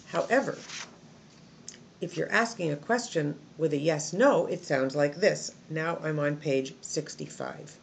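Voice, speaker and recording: A woman teaching English intonation from a textbook, showing the pitch patterns with example sentences. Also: expressive, moderate pace, gravelly, darkish tone, a little hiss or hum. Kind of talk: recorded textbook lesson. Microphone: phone camera.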